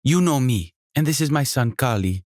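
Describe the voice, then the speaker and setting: A man voicing a chatty woman in her sixties who runs a bed and breakfast, with a faint Jamaican accent and rapid-fire energy. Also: medium pitch, animated, a little mellow, dry recording, studio quality, voice pushed up, close to an everyday voice. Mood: bubbly. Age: 60s.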